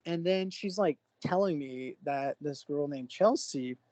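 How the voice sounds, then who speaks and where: A young man from Oklahoma, a podcast co-host, telling a story in an animated, excitable way with sudden jumps in pitch. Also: measured pace, dry recording, poor audio. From Oklahoma, USA. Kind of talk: casual storytelling.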